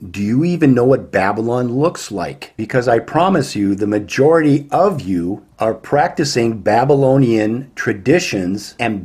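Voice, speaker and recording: Man, preacher, warning sermon, emphatic, rhetorical questions, slightly breathy, mid pitch. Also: a little mellow.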